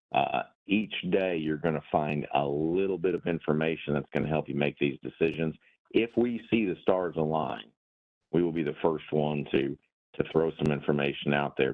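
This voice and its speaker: Very deep man on a tinny line. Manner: folksy, uses sports comparisons, repeats words. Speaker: meeting host. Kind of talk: webinar discussion.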